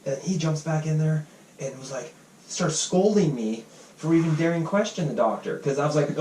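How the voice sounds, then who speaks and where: A man hosting a casual podcast, telling a heated story fast, quoting others and swearing freely. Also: fairly high pitch, a little mellow, a little hiss or hum. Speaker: podcast host. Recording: roomy, distant mic with faint ambience.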